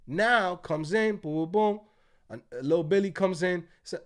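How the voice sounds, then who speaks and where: Animated, profane man telling a story. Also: normal speed. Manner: acts out quoted voices in a raised pitch. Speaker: host. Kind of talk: casual livestream storytelling. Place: Tampa, United States.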